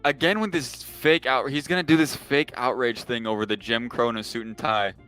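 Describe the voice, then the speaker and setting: A man's voice: medium pitch, a little fast, a bit bright, clear, resonant tone, soft background music. A young man giving casual, sarcastic and exasperated political commentary on a livestream.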